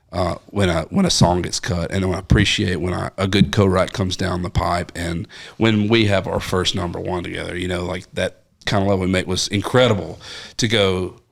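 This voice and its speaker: Low-voiced Tennessee man telling stories. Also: creaky. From West Tennessee. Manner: earnest, rambling storyteller with restarts. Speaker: songwriter guest. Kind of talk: casual storytelling chat.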